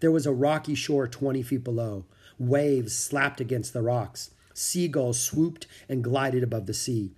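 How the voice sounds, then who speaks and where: A man reading a children's chapter book aloud, expressive and switching voices for each character. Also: medium pitch, a little slow, slightly rough. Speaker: audiobook narrator.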